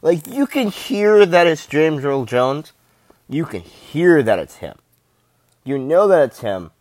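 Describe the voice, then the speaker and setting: A man's voice: fairly high pitch, big pitch swings, takes it slowly, darkish tone, no room sound. A man rambling in casual, enthusiastic fan commentary, gushing and swearing freely.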